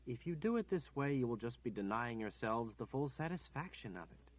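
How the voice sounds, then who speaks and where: A desperate, quick-witted young woman speaks softly and coaxingly, trying to sound sure of herself, as a male audiobook reader puts her on. The voice sits higher than his own, slightly husky. The recording is dull and lo-fi. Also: expressive, lightly acted. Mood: coaxing, tense. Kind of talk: audiobook character voice.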